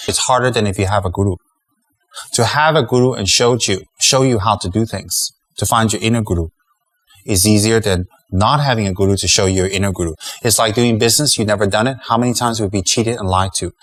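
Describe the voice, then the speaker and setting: A man's voice: lowish voice, steady tone, a little fast, a bit bright, poor audio. Emphatic male Buddhist teacher. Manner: emphatic, rhetorical, laughs at own jokes. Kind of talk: Dharma talk to students.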